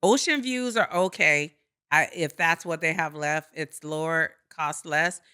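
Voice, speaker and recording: A middle-aged woman co-hosting a podcast, opinionated and forceful, teasing in casual chat. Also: low voice, measured pace, clean tone. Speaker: podcast co-host.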